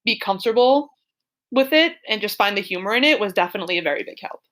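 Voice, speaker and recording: A woman's voice: mid-range voice, expressive, quick pace, a bit bright. A young woman co-hosting a podcast, telling a personal story in a chatty, giggly way full of "like" and "super". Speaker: podcast co-host.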